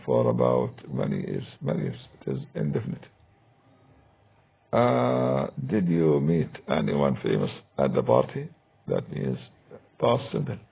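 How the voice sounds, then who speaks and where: A man teaching English grammar in a recorded lesson, talking slowly and hesitantly with many fillers, with a deep gravelly husky voice. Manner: slow, hesitant, many "uh" and "I mean". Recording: tinny phone-like recording.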